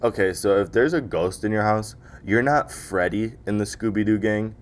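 A man's voice: fairly low pitch, normal speed. A man hosting a solo podcast, joking and ranting casually with lots of swearing and mocking impressions. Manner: casual, profane, jokey, slips into mocking impressions. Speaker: podcast host. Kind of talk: solo comedic podcast rant.

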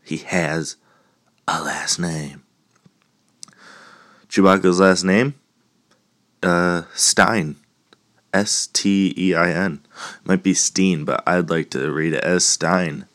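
A man's voice: deep voice, slow pace, a bit bright. A man hosting a casual solo podcast, rambling and joking, with a lingering cough. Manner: joking, rambling, laughs at own puns. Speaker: podcast host.

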